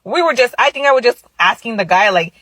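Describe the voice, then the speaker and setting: A woman's voice: a little high, lively intonation, fast talker, fairly bright tone, no echo, low-quality recording. A woman in her thirties casually telling a personal story, chatty and full of filler words. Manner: chatty, lots of filler likes.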